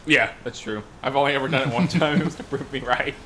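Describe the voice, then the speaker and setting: A man's voice: mid-range voice, steady tone, quick pace, a bit bright, a little hiss or hum. A man co-hosting a let's play, teasing his partner playfully in casual gaming commentary. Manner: playful teasing, laughs often.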